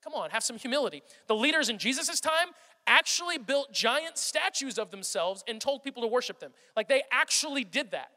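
A man's voice: very high-pitched, expressive, normal speed, sharp tone, in a large hall. A man preaching a sermon in a loose, conversational way, often repeating words and slipping into stories. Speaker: pastor.

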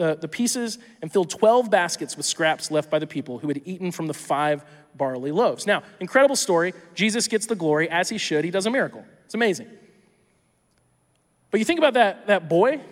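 A tired male pastor preaching a sermon in a conversational, animated way, often acting out imagined dialogues. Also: high voice, brisk, in a large hall. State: tired from little sleep.

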